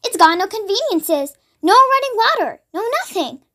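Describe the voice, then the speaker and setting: A woman's voice: very high-pitched, lively intonation, moderate pace. A woman doing a blunt old farmer. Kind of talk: read-aloud storybook acting.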